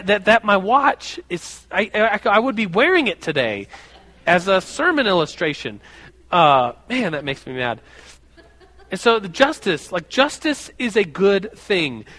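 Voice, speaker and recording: Animated high-voiced preacher in a reverberant hall. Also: male voice. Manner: animated storytelling, acting out childhood quotes. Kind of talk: sermon with a personal story.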